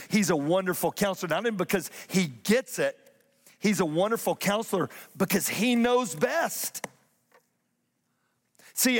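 Preaching man in an echoing church. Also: a little high. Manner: emphatic preaching with repeated refrains, speeding up and slowing down. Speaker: pastor. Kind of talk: sermon. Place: church sanctuary.

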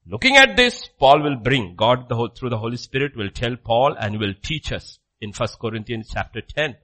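A man preaching a sermon, jumping from loud exclamations to hushed low asides, acting out questions and answers and checking in with "okay?". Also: sing-song. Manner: acts out dialogue with rapid questions and answers; repeats phrases, frequent "okay?" checks.

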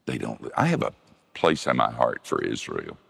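An older man preaching a sermon, telling folksy stories and jumping his voice up high when he quotes the women in them. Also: sing-song, normal speed, vocal fry, breathy edge, big-room sound.

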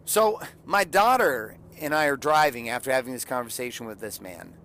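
A man's voice: mid-range voice, animated, normal speed, bright, forceful tone, slight background noise. A man in his forties tells a parenting story in a blunt, profane, preachy way. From California. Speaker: father and podcaster. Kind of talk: blunt motivational monologue.

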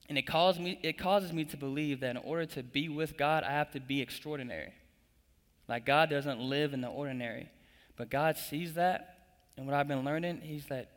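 A young man preaching a sermon, building up with emphatic repetition and calling the congregation to repeat after him. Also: mid-range voice. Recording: long echo of a large hall.

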